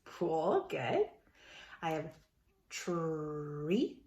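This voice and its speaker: Female teacher, low gravelly voice, patient phonics lesson for kids, roomy echo. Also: very animated, darkish tone. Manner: slow, sounds out words, encouraging. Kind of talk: remote phonics lesson for young children.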